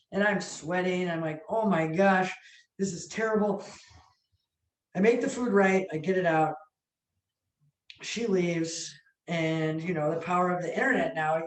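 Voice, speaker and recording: A woman restaurant owner telling stories in a casual interview, animated, swearing freely and acting out what people said. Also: on the low side. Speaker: restaurant owner and sandwich chef. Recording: echoey room, mic far off.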